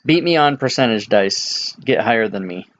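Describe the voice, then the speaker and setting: A man running a tabletop game as dungeon master, explaining slowly with frequent hesitations. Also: medium pitch, expressive, lo-fi sound. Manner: unhurried, hesitant with many ums.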